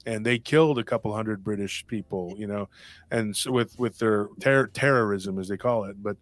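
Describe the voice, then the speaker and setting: A man's voice: lowish voice, normal speed, no echo. A man talking on a podcast panel in a rambling, emphatic way, with many restarts and asides. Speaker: podcast host. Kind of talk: casual panel talk.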